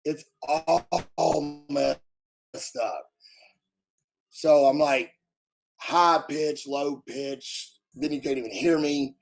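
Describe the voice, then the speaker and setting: A man from the United States ranting bluntly at his live chat, his voice hoarse and damaged after covid, talking loudly so he can be heard and swearing freely. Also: on the high side, very slow, long pauses, low-quality recording. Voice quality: husky, strained. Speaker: livestreamer answering chat. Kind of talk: casual live-stream rant.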